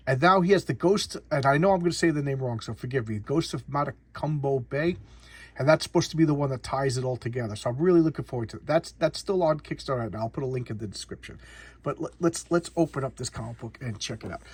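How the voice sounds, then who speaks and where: Husky-voiced man rambling about comics. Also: medium pitch, fast talker. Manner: rambling, repeats and restarts words, chuckles. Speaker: comic book reviewer. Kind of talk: casual comic book showcase.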